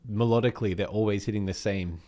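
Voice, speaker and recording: A man with an Australian accent chats casually about music, his voice sitting a little low. He meanders as he thinks aloud, filling gaps with ums. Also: steady tone, quick pace, mellow. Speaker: podcast co-host.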